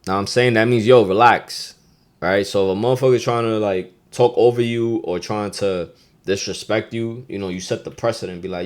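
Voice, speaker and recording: A man with a New York accent hosting a podcast, teaching slang in a loose, profane, animated way and getting loud when he acts out phrases. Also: on the low side, a little fast. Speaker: podcast host. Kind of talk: casual podcast lesson.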